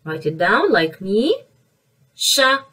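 Slow, lively woman teaching French. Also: medium pitch, slightly rough, far from the mic, poor audio. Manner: repeats each word slowly, drilling pronunciation. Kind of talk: online French vocabulary lesson for young children.

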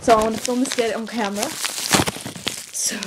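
A teenage girl gushing and squealing with excitement as she opens a package of toys. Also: on the high side, brisk, heavy background noise. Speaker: toy collector vlogger. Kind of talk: excited unboxing vlog.

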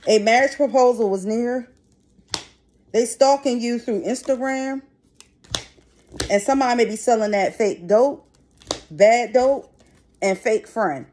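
A woman's voice: on the high side, measured pace, long pauses, a little mellow. A middle-aged woman giving a casual tarot reading to her viewers, talking bluntly and chattily and swearing freely. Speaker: tarot reader. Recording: noisy background.

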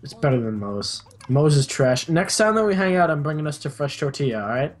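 Young male streamer, jokey and rambling. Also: fairly quick. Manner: jokey, rambling, drops his voice low for deadpan asides. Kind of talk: casual stream chat.

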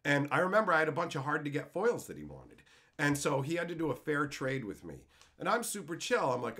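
A man's voice: fairly high pitch, fairly quick. A man streaming as he opens card packs, telling heated, profane stories in a casual way. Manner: animated, puts on voices for quotes. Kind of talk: casual storytelling.

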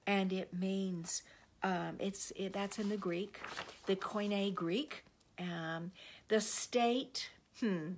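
A woman who is a spiritual director, leading a devotional teaching with spoken prayer in an earnest, unhurried way that often sinks to a hush. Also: medium pitch, steady tone.

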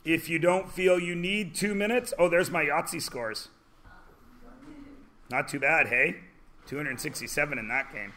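A man teaching a high school math class, joking as he lectures. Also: sharp tone, a little hiss or hum. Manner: joking, drawn-out teacherly questions.

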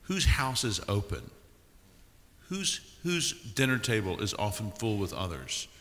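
A pastor on a conference panel, a man speaking calmly as he gives advice. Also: on the low side, a little slow. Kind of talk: panel discussion. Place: large conference hall. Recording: reverberant conference hall.

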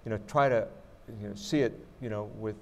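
A man with a fairly low voice speaks thoughtfully to a museum audience, circling back and restarting as he searches for words. He answers questions as a guest astronaut, and a faint hiss sits under the recording. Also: fairly quick, a little mellow. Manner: reflective, with many restarts and "you know". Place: museum auditorium.

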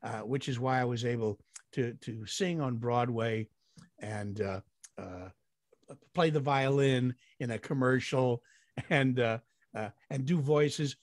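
An older man, appearing as a guest actor in an interview, tells long, rambling anecdotes and chuckles along the way. His voice is mid-range and his pace slow, captured in a dry, studio-quality recording.

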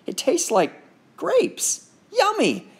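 Guy doing a perky little girl voice, playful, lively, storybook. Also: sits high, unhurried, voice pushed up. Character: young girl, cheerful and bold.

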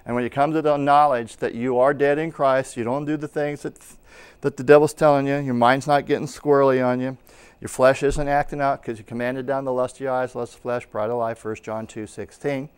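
A middle-aged pastor teaching at a Bible school speaks in a medium-pitched, fairly even voice that is brisk, clear and resonant. His sermon style is conversational, and he acts out little anecdotes as he goes.

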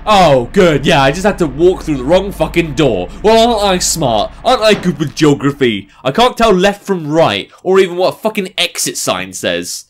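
A man's voice: a little high, big pitch swings, moderate pace, few pauses. A young man giving casual, sarcastic let's-play commentary, swearing and talking back to the game. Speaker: gaming commentator.

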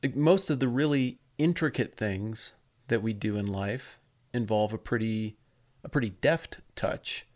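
A man's voice: lowish voice, unhurried, a little mellow. Dry, teasing male co-host. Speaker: podcast co-host. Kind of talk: casual chat.

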